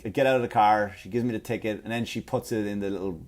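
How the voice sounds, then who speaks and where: A man's voice: fairly low pitch, steady tone, fast, a little mellow. A man, hosting a comedy podcast and telling a story as a rant, full of swearing and acted-out quotes. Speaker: podcast host.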